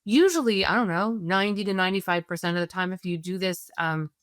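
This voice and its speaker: A woman as a parenting expert guest, explaining in a conversational teaching style, animated and earnest, walking through examples step by step. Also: on the low side, quick pace, dry recording, clean studio sound. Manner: animated, acts out parents and kids in quoted voices.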